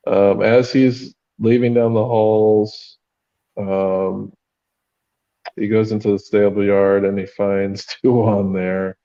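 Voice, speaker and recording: Male podcast co-host, mellow low voice, halting unhurried recap, muffled sound. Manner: hesitant, many fillers, laughs often. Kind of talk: casual chat recapping a book.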